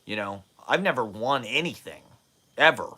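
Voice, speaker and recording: A man in his forties from the United States rambles through a loose monologue, self-deprecating and quick to swear. His voice is bright and forward, sitting in an ordinary middle pitch. He laughs often and sometimes wanders off-mic. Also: animated.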